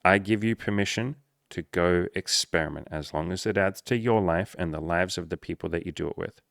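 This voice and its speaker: Low-voiced playful male coach. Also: brisk, gravelly, fairly bright tone, no echo, studio quality. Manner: playful, swears freely, mock-formal asides. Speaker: dating and life coach. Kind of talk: casual talk to camera.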